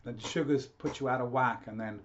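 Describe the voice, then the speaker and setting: A man's voice: mid-range voice, steady tone, brisk, muffled recording, slight background noise. A man working as a health coach, talking through a live consultation with many restarts and repeated words.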